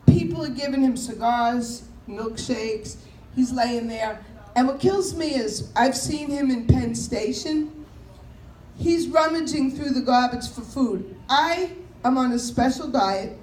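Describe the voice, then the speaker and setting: A high-pitched woman tells chatty stand-up stories, slipping into impressions of people and subway announcers. She is recorded in an echoey room, with a faint hiss underneath. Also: a little mellow. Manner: chatty, storytelling, mimics voices and announcements. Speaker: comedian. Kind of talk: stand-up comedy set.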